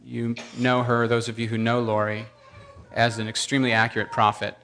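A man's voice: mid-range voice, completely flat delivery, fairly quick, fairly bright tone, slight background noise. A man in his thirties telling a rambling, self-deprecating story to a congregation. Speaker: preacher.

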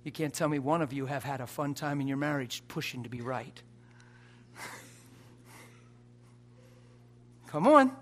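A man preaching a sermon to a live audience in a church, emphatic, swinging from soft asides to loud exhortation and often laughing and urging the crowd on. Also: fairly high pitch. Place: church or conference hall before a live audience.

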